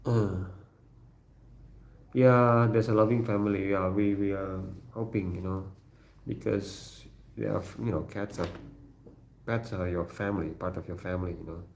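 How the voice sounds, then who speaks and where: A man from Indonesia with an Indonesian accent, hosting a casual livestream from his kitchen, answering viewer comments in a halting way with many fillers and frequent chuckles. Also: low voice, steady tone, gravelly, a little mellow. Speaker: livestream host. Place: home kitchen. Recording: roomy echo.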